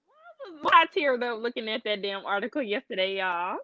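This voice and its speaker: A woman's voice: a little high, moderate pace, no room sound, lo-fi sound. A woman co-hosting a casual live chat, talking to her viewers with big emotional swings. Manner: animated, emotional, talks to viewers as y'all. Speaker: co-host.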